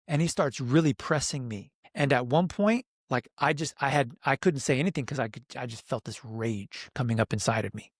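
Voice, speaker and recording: A man's voice: medium pitch, brisk, few pauses, dry recording. Earnest man telling a story, dry sound. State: emotional. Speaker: podcast guest, men's coach. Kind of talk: casual podcast conversation.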